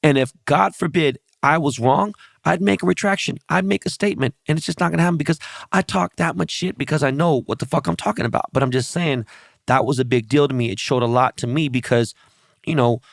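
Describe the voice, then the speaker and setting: Blunt, gravelly podcast host. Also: male voice, a little high, brisk, dry recording, studio quality. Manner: profane, blunt storytelling; talks straight to his audience. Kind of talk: casual podcast conversation.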